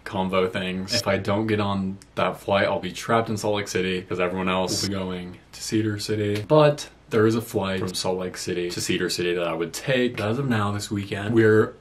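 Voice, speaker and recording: A man's voice: low-pitched, steady tone, moderate pace, few pauses. A young man chatting casually to his camera at home, rambling with self-mocking asides while he packs. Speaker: vlogger. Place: at home indoors while packing. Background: background music.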